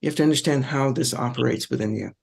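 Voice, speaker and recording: A man's voice: medium pitch, quick pace, gravelly, husky. A middle-aged man, a psychologist on a discussion panel, explaining in a reflective, conversational way with frequent ums and repeated phrases.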